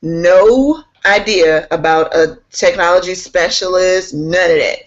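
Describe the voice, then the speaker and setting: Speaking slowly in a lowish voice, a woman laughs often as she chats enthusiastically about her work as an instructional technology specialist. The casual interview is captured in slightly muffled, lo-fi audio.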